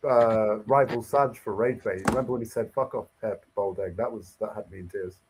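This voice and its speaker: Low-voiced teasing man with faint background noise. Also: steady tone, fairly quick. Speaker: guest panelist. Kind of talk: casual football chat.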